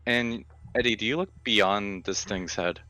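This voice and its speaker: A man narrating a horror tabletop game as game master, with slow, deliberate, vivid description. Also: lowish voice, pushed and bright, dry recording.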